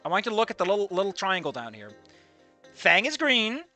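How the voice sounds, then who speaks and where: Excitable bright-voiced male streamer. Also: high-pitched, racing, faint music behind. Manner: excitable, swings between loud outbursts and muttering, swears a lot. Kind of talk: live reaction commentary.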